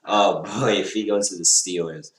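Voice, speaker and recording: Young man, deep voice, bright tone, excitable rambling fan commentary, roomy echo. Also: moderate pace. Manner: excitable, rambling, laughs and sighs often. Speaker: fan reacting live to the draft. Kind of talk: casual live reaction commentary.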